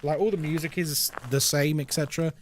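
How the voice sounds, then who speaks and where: A man's voice: a little high, fairly even intonation, fairly quick, slight background noise. A man giving live commentary on a horror game as a streamer, chatting with viewers and reacting aloud to what happens. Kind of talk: live gameplay commentary and chat.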